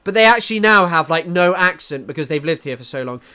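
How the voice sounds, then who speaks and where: An Englishman hosts a casual livestream, rambling loosely about the news, restarting sentences, and reading chat comments aloud. His voice is fairly high, animated, and fast, pushed and bright yet smooth.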